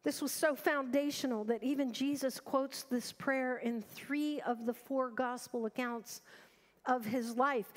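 Lady pastor preaching in a big church, high voice, long hall echo. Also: steady tone, a little slow. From United States. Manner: earnest, urgent emphasis with rhetorical questions. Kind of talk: sermon. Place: large church sanctuary.

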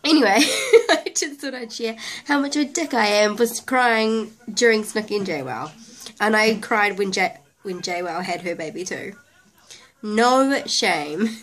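A woman's voice: mid-range voice, animated, measured pace, fairly bright tone. A young woman in her twenties, a mother vlogging casually at home and filming with a handheld camera, chatting freely and slipping into sing-song baby talk with her toddler. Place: family home.

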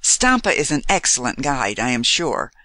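A frank, cheerful young woman, as a man reads her lines, her raised voice swinging up and down with lively energy. She speaks brightly and openly in a storybook, recorded close and dry. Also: mid-range voice, moderate pace, dry recording.

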